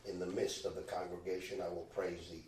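A man reading scripture aloud in a slow, measured way at a Bible study, now and then stumbling on a word. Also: sits low, little pitch movement, darkish tone, slight background noise. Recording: echoey room, distant mic, faint background.

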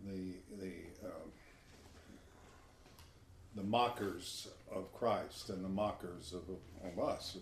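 Low-voiced man leading a Bible study. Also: slow pace, long pauses. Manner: directs the group and comments between readings. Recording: echoey room with faint background noise.

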